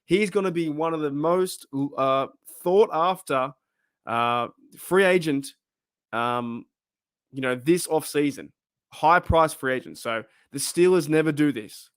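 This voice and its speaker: A man's voice: fairly high pitch, a little slow, clear, resonant tone, no echo, studio quality. A man with an Australian accent hosting his own fan channel, chatting casually and rambling as he asks viewers questions. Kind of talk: casual chat to camera.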